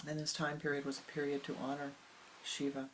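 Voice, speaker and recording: A spiritual teacher giving a meditative sermon, speaking slowly and softly, often sinking into a whisper, with long pauses. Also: mid-range voice, completely flat delivery, slight background noise. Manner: slow, soft, often dropping into whispers; unhurried with long pauses, halting restarts.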